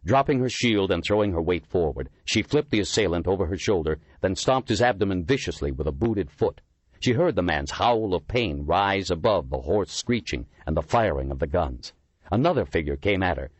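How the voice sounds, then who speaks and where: A man's voice: low-pitched, lively intonation, brisk, no echo. A man reading an audiobook as its narrator, telling the story dramatically.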